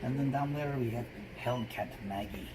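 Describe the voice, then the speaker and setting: A man co-hosting a comedic live stream, rambling through sarcastic deadpan jokes. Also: mid-range voice, moderate pace, heavy background noise. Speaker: stream co-host.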